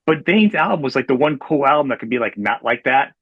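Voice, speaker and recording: A male podcast host talks fast and eagerly, circling back through restarts as he gushes about his guest's music. His recording sounds dry and a little dull, with no room around it. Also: medium pitch, expressive, no room sound. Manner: rapid, rambling, enthusiastic fan talk with many restarts. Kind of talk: casual interview.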